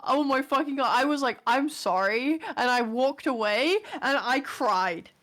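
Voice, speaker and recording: A young woman streamer telling a story in casual chat, animated, swearing and laughing often. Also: sits high, unhurried. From England.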